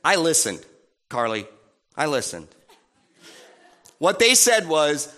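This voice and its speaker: A man preaching a sermon in a playful, animated way, acting out little voices and sounds. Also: fairly high pitch, slow pace, long pauses.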